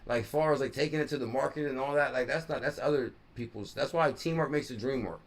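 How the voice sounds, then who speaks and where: A man's voice: medium pitch, quick pace. A man hosting a crypto live stream in casual commentary, rambling, thinking aloud and correcting himself as he scrolls.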